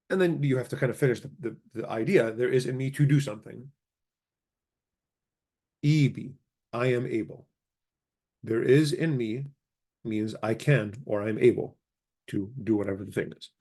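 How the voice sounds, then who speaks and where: A man with a typical middle-pitched male voice gives a casual grammar lesson in a relaxed, conversational way. He pauses to spell out each form and recites the conjugations slowly and carefully.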